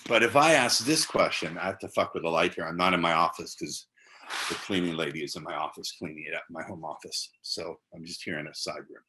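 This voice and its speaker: Deep, bright-toned blunt man in his 60s. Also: a little hiss or hum. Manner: blunt and profane, slows into a hypnotic cadence for examples. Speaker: dating coach. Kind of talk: casual instructional talk. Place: side room at home.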